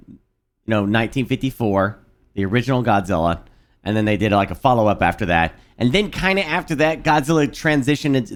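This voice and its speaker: A man streaming a video game, chatting casually in a rambling, animated way. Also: mid-range voice. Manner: rambling and animated, lots of fillers and restarts. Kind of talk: casual chat while playing a video game.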